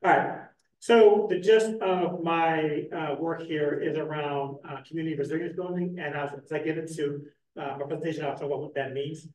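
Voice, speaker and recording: A man with a slightly high voice giving a panel presentation in a roomy, echoing hall. He stands a little away from the microphone, so he sounds distant. He talks quickly with plenty of ums and restarts. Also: steady tone, darkish tone. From Philadelphia. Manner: fast-talking, loose, many fillers. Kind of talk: academic conference talk. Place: conference room with hybrid online audience. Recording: echoey room, speaker away from the mic.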